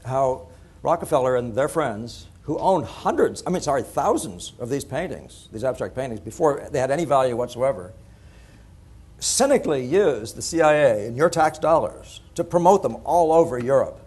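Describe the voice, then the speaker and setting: Husky-voiced man giving a conference talk. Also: mid-range voice, normal speed. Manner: animated, digressive, laughs at his own points. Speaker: conference speaker. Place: conference hall.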